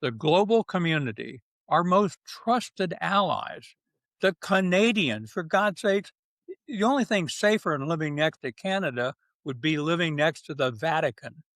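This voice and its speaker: A man's voice: fairly high pitch, lively intonation, unhurried, a bit bright, no room sound. An older man, a retired general, speaking bluntly and emphatically in an interview, with short punchy phrases. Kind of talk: candid interview talk.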